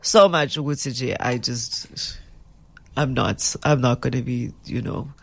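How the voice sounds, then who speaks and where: Brief: South African actress, deep husky low voice with gravelly fry, lively and laughing. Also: female voice, unhurried. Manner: animated, laughing, mixes in Zulu phrases. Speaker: actress, interview guest. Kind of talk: casual interview chat.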